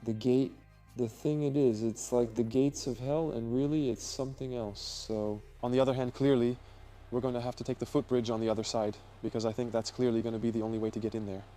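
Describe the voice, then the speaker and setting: A man narrating an exploration vlog as he guides viewers around, talking in an excitable, exclamatory way. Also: medium pitch, brisk, hardly any pauses, soft background music. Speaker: urban explorer vlogger.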